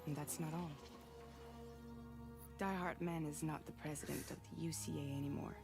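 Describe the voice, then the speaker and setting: A woman's voice: low voice, level tone, normal speed, creaky. An actress voicing a grave woman who briefs a courier in a game cutscene, speaking solemnly. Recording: game audio with music behind.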